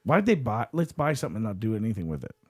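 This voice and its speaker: A man's voice: fairly low pitch, big pitch swings, racing, darkish tone, husky. A man co-hosting a casual combat sports podcast, joking and rambling in a loose, playful way. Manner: joking, rambling, puts on goofy voices. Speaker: podcast co-host. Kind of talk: casual chat.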